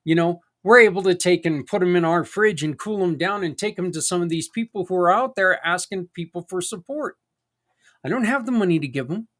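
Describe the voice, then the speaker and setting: A middle-aged man hosts a podcast in a high, slightly bright voice, talking fairly quickly with few pauses. It's a relaxed, folksy monologue that meanders into asides.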